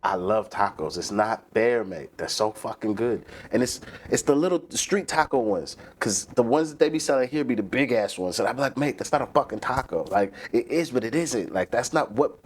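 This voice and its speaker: A man's voice: medium pitch, normal speed, few pauses, slightly rough. A man from the East Coast US hosting a live stream, chatting casually and profanely, ranting about food and reading chat messages aloud. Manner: profane, animated, rants and reads chat aloud. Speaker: livestream host.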